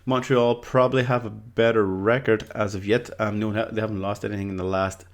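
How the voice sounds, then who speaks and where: A man's voice: on the low side, flat delivery, a little fast. An Irish man talking through football predictions in a casual, rambling way, full of fillers and false starts. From Ireland. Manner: rambling and hesitant, with many fillers and restarts. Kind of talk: casual solo commentary.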